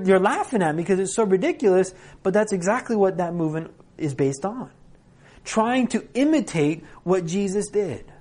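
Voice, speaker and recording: A man's voice: on the high side, darkish tone. Male conference preacher, chatty and wry, asks the room questions. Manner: conversational preaching with humor and rhetorical questions. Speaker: conference speaker. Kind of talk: sermon. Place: conference hall.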